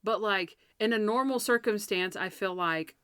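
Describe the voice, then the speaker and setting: Brief: woman co-host, chatty and giggly, mid-pitched, dry close-miked podcast sound. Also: normal speed, a bit bright, clean tone, no room sound. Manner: chatty, laughs often, mimics characters. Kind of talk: casual episode review chat.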